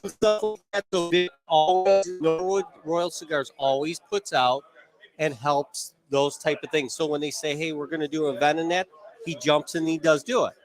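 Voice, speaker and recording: A man's voice: a little high, fairly even intonation, normal speed, soft background music. A man hosting a live cigar show, talking with enthusiasm and heaping on praise. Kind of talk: casual chat.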